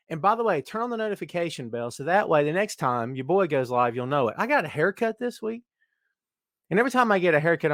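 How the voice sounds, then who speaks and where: A man's voice: high-pitched, fairly bright tone, no echo, studio quality. A middle-aged man hosting a live podcast, joking around and greeting viewers by name in casual, hyped-up chat. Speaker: podcast host.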